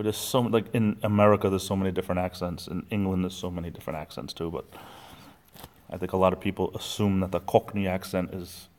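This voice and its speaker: A man's voice: low voice, steady tone, quick pace, a little mellow. A man hosting a casual livestream from home, rambling chattily and answering viewers' comments. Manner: rambling, chatty, reads chat comments aloud. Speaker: livestream host.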